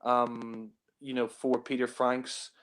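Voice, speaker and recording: A man of average pitch talks loosely about movies over a group call. He rambles, fills gaps with ums and you-knows, and chuckles often at his own points. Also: little pitch movement, takes it slowly, a bit bright, clear, resonant tone. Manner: rambling, heavy on fillers, laughs often. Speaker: film reviewer. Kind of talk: casual film discussion.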